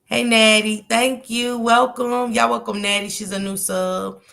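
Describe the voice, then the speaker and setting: Chatty woman hosting a livestream, gravelly. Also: a little high, level tone, a little slow, fairly bright tone. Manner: chatty, greets commenters by name, slangy. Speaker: livestream host. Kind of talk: casual livestream chat greeting viewers.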